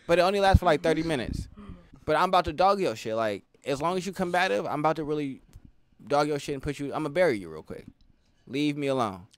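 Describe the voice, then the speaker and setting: A man co-hosting a podcast in casual, animated chat, often laughing and slipping into mock-formal lines. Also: a little high, fast talker, smooth. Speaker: podcast co-host.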